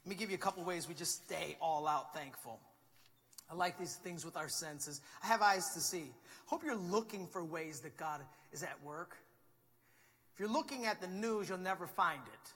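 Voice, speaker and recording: Male pastor, sermon, animated conversational preaching, forceful bright tone, long church reverb. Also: a little high, moderate pace, husky. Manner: conversational, animated, acts out quotes. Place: church sanctuary.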